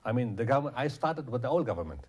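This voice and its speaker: Fast-talking man, passionate. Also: mid-range voice, very animated, darkish tone, husky. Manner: passionate, quotes others in dialogue. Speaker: guest, charity founder. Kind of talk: interview storytelling.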